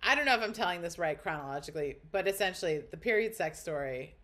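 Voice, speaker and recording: A woman on a podcast telling a wild story in easy, casual chat. Her voice sits a little low but leaps up whenever she acts out what someone said. She is blunt and crude, with a lively swing in her tone. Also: fast talker. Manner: animated, blunt and crude, acts out quotes with big pitch jumps. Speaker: podcast guest.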